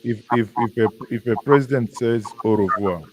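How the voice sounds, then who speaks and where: A man from Nigeria with a Nigerian accent, chatting as a guest commentator in a casual live discussion, musing and halting with many restarts. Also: medium pitch. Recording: faint background noise.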